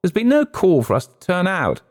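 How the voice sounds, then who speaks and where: A man voicing a tipsy older male wing commander who drawls slowly and impatiently in an audiobook reading. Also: high-pitched, wildly swooping pitch, pitched above the performer's own voice. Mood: drawling, tipsy. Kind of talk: audiobook character voice.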